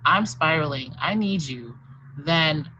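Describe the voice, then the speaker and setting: A host speaks with a bright, pushing tone, earnest and encouraging, and circles back to the same points to drive them home. The audio is dull and lo-fi, with a muffled edge. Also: mid-range voice, animated, slow pace, slight background noise. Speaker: podcast host. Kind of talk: supportive casual chat.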